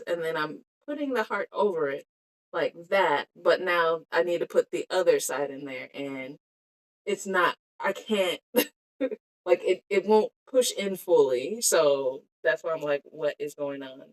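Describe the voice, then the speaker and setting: Slow, low-voiced woman crafting on stream. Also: animated. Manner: giggly, self-talking, trails off mid-sentence. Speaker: streamer making bead earrings. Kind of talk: casual live-stream chat while crafting. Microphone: phone. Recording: cellphone live-stream audio.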